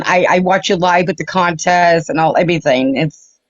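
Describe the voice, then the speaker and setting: A woman's voice: on the low side, moderate pace, no echo. An older woman calling into a live stream, talking in an emotional, effusive way. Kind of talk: casual chat. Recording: dull lo-fi stream audio.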